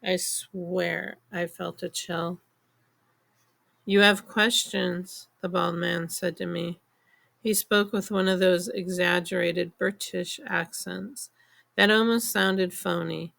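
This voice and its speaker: A woman narrating a novel in the first person, in measured storytelling. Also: on the low side, creaky, a bit bright. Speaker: audiobook narrator. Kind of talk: scripted audiobook narration.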